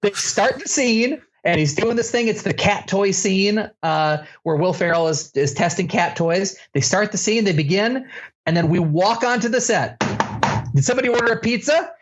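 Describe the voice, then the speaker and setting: A middle-aged man hosting a podcast, telling an anecdote with animated energy and laughing as he tells it. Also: high voice, normal speed, slight background noise. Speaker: podcast co-host. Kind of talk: casual storytelling chat.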